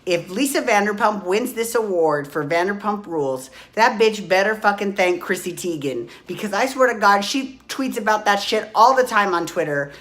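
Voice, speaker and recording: A woman in her forties recapping reality TV in a gossipy, profane, excitable way, recorded on a phone at home. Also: mid-range voice, normal speed, hardly any pauses. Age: 40s. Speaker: podcast host. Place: hot room at home.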